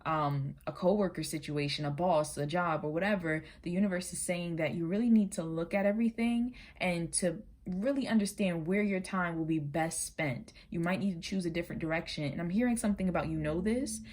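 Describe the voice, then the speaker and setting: A woman with a fairly low voice talks through a tarot reading in a relaxed, chatty way. She is earnest and direct with the listener, and at times her words tumble out quickly. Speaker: tarot reader. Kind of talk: casual spoken tarot reading.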